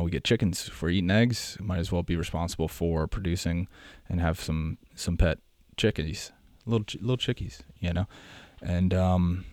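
Deep-voiced American man rambling casually. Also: mellow, no room sound. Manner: rambling, self-correcting, chatty. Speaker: podcast host. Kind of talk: casual monologue.

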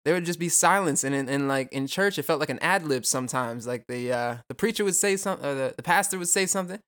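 Fast-talking, profane young podcast host. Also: male voice, fairly high pitch, a bit bright, smooth. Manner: rambling, profane, goes off on tangents; jokey, self-mocking asides. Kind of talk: casual solo podcast monologue.

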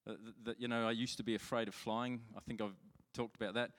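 A man's voice: medium pitch, flat delivery, fast talker. A man delivers a sermon in a loose, conversational way, often stopping to restart a sentence and poking fun at himself. His voice sits in an ordinary middle range. The sound rings out with a long reverb, as in a large hall. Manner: chatty, self-mocking storytelling with many restarts. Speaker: pastor.

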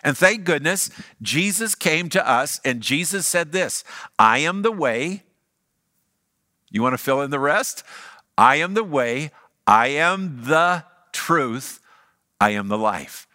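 A man's voice: on the high side, sing-song, measured pace, bright, forceful tone, dry recording, studio quality. A middle-aged man preaching a sermon as pastor, emphatic and repeating his key lines.

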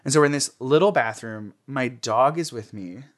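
A man's voice: medium pitch, normal speed. A young man being interviewed, telling candid personal stories in a chatty way, with many fillers and frequent laughter.

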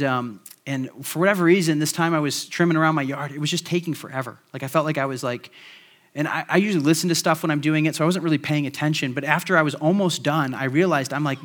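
A man's voice: fairly high pitch, fairly bright tone. A male pastor preaching a sermon to his church in a conversational way, with many fillers, then closing in prayer. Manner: conversational, frequent fillers, prays to close.

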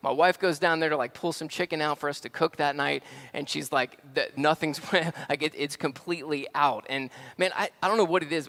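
A man in his thirties preaching a sermon. His voice sits a little high, and he talks loosely and conversationally, with lots of "like" and "uh" as he tells a story to his congregation. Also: a bit bright. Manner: conversational, storytelling with frequent fillers. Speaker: pastor.

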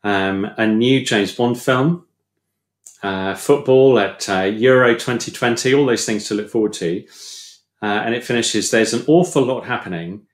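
Low-ish guy preaching, chatty and umming a lot, jokey, echoey room. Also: measured pace. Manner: chatty, hesitant with many ums, self-deprecating humour. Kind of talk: casual talk in a church sermon.

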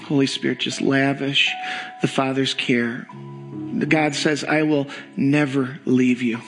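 Slow, earnest man praying over music. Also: mid-range voice, level tone, poor audio. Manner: slow, earnest pastoral prayer. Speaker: pastor. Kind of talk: sermon prayer. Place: church sanctuary.

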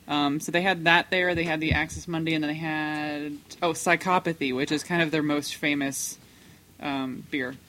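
Bright sounding woman, enthusiastic, goes into detail, faint room noise. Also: low-pitched, fairly even intonation, normal speed. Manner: enthusiastic, descriptive, laughs easily. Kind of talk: casual group chat.

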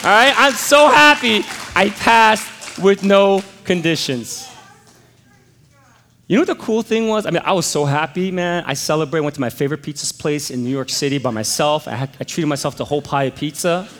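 Male pastor, middle-aged, lively storyteller, slightly high voice, long church-hall reverb. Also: moderate pace. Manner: animated storytelling, exclamatory. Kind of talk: sermon with personal story.

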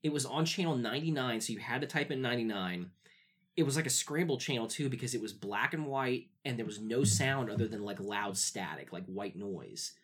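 A man, a podcast guest, telling childhood stories in relaxed casual chat. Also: mid-range voice, brisk, breathy edge.

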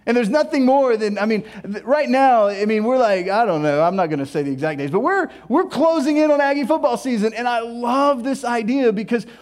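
A man's voice: very high voice, expressive, fairly quick, few pauses, a little mellow. A man preaching a sermon, storytelling with playful mock dialogue and asides. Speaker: pastor.

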